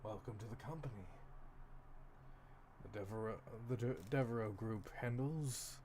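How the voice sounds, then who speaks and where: A man's voice: mid-range voice, normal speed, noisy background, close to an everyday voice. A man putting on a stiff old Frenchman. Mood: formal. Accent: French (put on). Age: 60s. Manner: formal, clipped and stiff. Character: older male French businessman, formal and curt.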